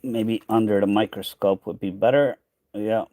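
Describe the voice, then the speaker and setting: A man's voice: lowish voice, steady tone, normal speed, dark tone, no room sound. A man hosting a casual coin hunting stream, thinking aloud and trailing off, tired and losing his voice. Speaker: coin hunting channel host. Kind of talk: casual livestream chat while sorting coins.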